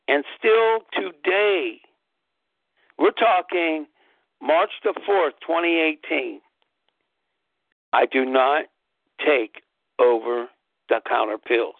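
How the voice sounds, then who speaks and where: A man tells his health story in an earnest monologue, circling back to repeat his key lines. His fairly high voice has a gravelly edge and moves at an unhurried pace. The sound is dry and tinny, like a phone line. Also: dry recording. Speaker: host. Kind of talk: personal health talk monologue.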